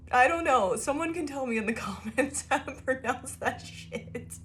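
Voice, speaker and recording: A woman's voice: high voice, lively intonation, moderate pace, hardly any pauses, a bit bright, a little hiss or hum. A woman giving a casual tarot reading to her viewers, chatty and loose, laughing often mid-sentence and swearing now and then. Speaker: tarot reader.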